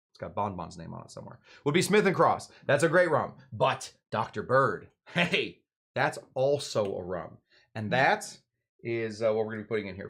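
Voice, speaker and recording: A man in the middle pitch range hosts a live drink-making show. He talks in a loose, wandering way, full of fillers and side stories. He cracks jokes and answers his own questions. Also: a bit bright. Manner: rambling and digressive, with many fillers and asides.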